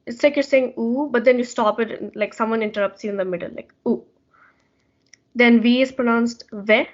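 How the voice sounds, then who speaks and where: A woman's voice: a little high, fairly quick. A woman teaching in an online class, explaining patiently with many fillers, over muffled call audio. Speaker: language session teacher.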